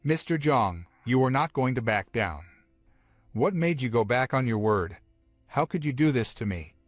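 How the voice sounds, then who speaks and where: A puzzled old grandfather, naive and easily shocked, read out by a man narrating a comic-book recap. He pleads and asks question after question in a mid-pitched voice. The sound is dry and close, with faint music underneath. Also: expressive, moderate pace, dry recording, close to an everyday voice.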